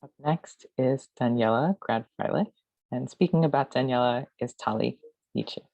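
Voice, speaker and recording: A man's voice: medium pitch, moderate pace, creaky, darkish tone, no room sound, rough recording. Man announcing the next speaker. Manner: brief, formal introductions. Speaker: ceremony emcee.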